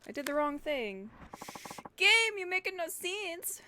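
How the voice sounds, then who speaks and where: With an extremely high-pitched, lively voice, a woman streams a video game at an unhurried pace. She jokes, teases the characters, and talks back to them in playful let's-play commentary. Game music plays behind, and there's background noise.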